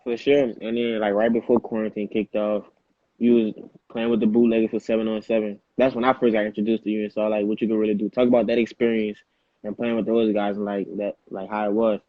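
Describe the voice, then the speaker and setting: Man, interviewer, casual, lots of "like", low flat voice, dry tinny phone-like sound. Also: fast talker, no room sound. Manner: casual, leans on "like" and "for sure".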